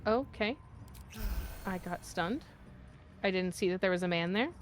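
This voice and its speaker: A woman's voice: lowish voice, unhurried. A woman streaming a video game, talking casually and swearing freely as she reacts to the play. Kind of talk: casual gameplay chat.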